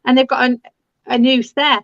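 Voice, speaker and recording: A woman's voice: sits high, flat delivery, moderate pace, creaky, no echo, muffled recording. A woman hosting a casual chat, talking in a chatty, rambling way with many "you know"s.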